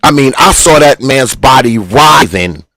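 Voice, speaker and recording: A man's voice: mid-range voice, lively intonation, measured pace, a bit bright, no room sound, rough recording. A man arguing heatedly on a talk show, pressing his points and repeating himself.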